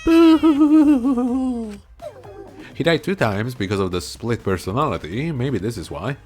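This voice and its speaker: An animated man gives casual commentary on a game he is playing. His pitch jumps around a lot as he jokes and laughs. Quiet game music plays underneath. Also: a little fast. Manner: animated, joking, laughs often. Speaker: let's play host.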